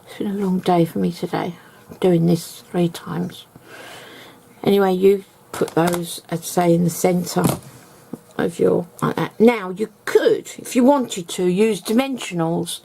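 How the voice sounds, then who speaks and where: A woman's voice: on the low side, a little slow, vocal fry, dark tone, slightly rough. A woman giving a casual, rambling craft tutorial, explaining step by step at home.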